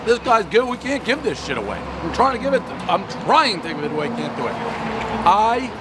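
A man's voice: sits high, very animated, brisk. A man giving a casual, profane, joking pizza review on a city street corner. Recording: street traffic noise.

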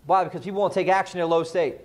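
A man leads a live sales training session and keeps firing questions at his audience. His voice sits high for a man, and he delivers with driving, energetic emphasis. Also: very fast.

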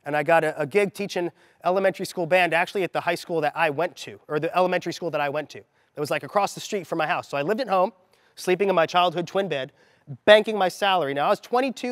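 A man in his thirties giving a motivational talk to a group as a mindset coach, telling a story with animated energy and acting out the lines he quotes. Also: a little high, studio quality. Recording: long hall reverb.

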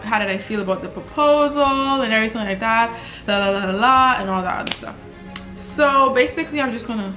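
A chatty woman in her twenties from the Bahamas talks straight to the camera and loops back over her own words. Her voice is bright and fairly high. Faint music plays underneath. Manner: chatty, repeats words, storytelling. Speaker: vlogger. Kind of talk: casual chat to camera.

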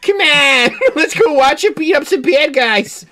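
A man voicing an excitable young monster kid who gushes and shouts with glee while reading game lines aloud. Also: very high voice, measured pace, pitched above the performer's own voice, full character voice. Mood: excited. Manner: shouting, gushing, breathless with glee.

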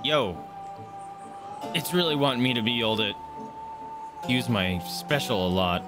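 A young man giving let's play commentary, excitable, yelping and swearing as he plays. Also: medium pitch, a little slow. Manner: excitable, yelps and swears while playing. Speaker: gamer. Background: loud game music.

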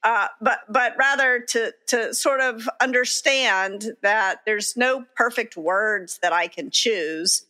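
Bright-voiced candid woman co-host. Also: on the high side, slow, hardly any pauses. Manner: candid, self-deprecating, laughs while telling stories. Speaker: podcast co-host. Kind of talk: reflective conversational storytelling.

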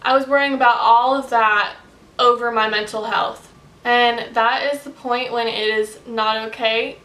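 A woman's voice: fairly high pitch, a bit bright, far from the mic. A young woman talking earnestly in a casual personal vlog, with frequent "like" and "um" fillers. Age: young adult. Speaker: vlogger. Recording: echoey room, speaker away from the mic.

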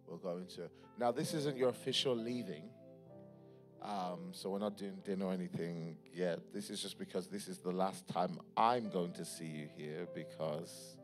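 A man's voice: low-pitched, steady tone, normal speed, few pauses. A man leading a church service as pastor, joking with the congregation, then praying and delivering fervent prophetic declarations. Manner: playful, joking asides with laughter. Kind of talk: sermon with prayer and prophecy. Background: music playing.

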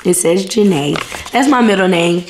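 A woman in her thirties chatting casually to her vlog viewers, emotional and quick to get teary. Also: fairly low pitch, animated, a little mellow, a little hiss or hum. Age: 30s. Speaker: vlogger.

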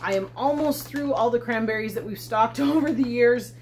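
Cooking at home, a woman who hosts a homesteading channel talks her way through a recipe, chatty and quick to poke fun at herself. Her voice is fairly high and a little mellow, her pace moderate, with slight background noise.

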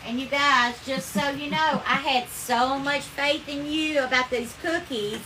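Hosting a live cooking stream, a Southern-accented woman chats effusively, thanking viewers by name and calling them darling as she demonstrates a dish. Her voice is high-pitched and sharp, with a steady tone and an unhurried pace, over slight background noise.

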